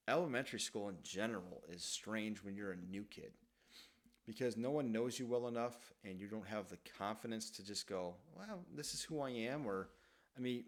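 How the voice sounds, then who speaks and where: A man in his thirties casually telling rambling, profane stories from his childhood in a self-deprecating way. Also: on the low side. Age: 30s. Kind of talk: casual storytelling monologue.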